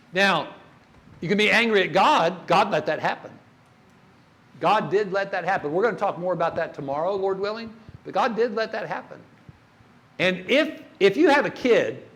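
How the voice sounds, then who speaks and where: An older man preaches a sermon in a church, with a voice a bit higher than most men's. He tells stories in turn and puts questions to the congregation. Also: fairly bright tone. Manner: storytelling, asks the congregation questions.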